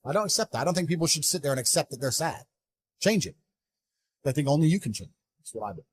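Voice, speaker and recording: A man giving an interview, talking in a blunt, forceful, emphatic way. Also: a little high, expressive, fast, slight background noise. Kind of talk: motivational interview talk.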